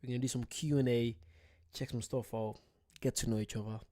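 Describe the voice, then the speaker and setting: A man's voice: mid-range voice, fairly even intonation, fairly quick, dark tone. A man from the UK, hosting his first live stream, chatting casually and greeting viewers by name. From United Kingdom. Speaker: channel host. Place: at home late at night.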